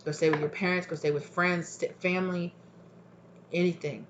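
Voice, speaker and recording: A woman's voice: on the low side, fairly even intonation, moderate pace, lo-fi sound, slight background noise. Blunt, swearing woman reading tarot. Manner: casual and blunt, swears freely, acts out quoted reactions; rambling with many fillers. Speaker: tarot reader.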